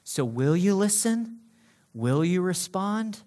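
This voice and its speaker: A male pastor preaching a sermon, moving from loud, urgent calls to soft, hushed prayer. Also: fairly high pitch, expressive, normal speed.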